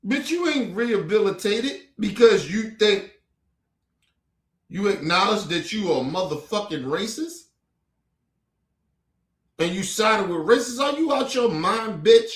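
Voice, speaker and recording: Yelling, profane man in an echoey room. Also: high-pitched, lively intonation, measured pace, pauses often. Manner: heated, profane, mocking rhetorical questions. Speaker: commentary show host reacting to clips. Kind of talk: profane angry reaction rant.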